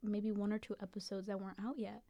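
A young adult woman telling a story in a casual chat with friends. She is animated and giggly, and uses many fillers. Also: medium pitch, fast talker.

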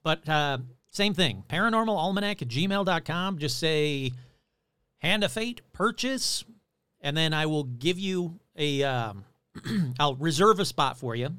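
A man hosting his own podcast in a chatty, rambling way, reading out shout-outs and plugs. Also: fairly high pitch, no echo. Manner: chatty, rambling, animated delivery. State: losing his voice. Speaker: podcast host. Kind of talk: casual podcast chat.

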